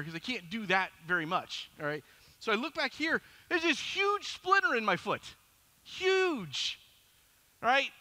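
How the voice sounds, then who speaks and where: A middle-aged man preaching a sermon as pastor, telling a story in an animated, self-deprecating way. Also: high-pitched.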